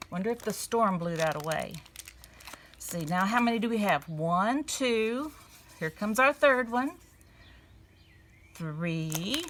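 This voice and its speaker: A woman giving a gentle storytelling lesson to young children at a table. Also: mid-range voice, a little hiss or hum. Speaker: children's church teacher. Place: indoors at a table.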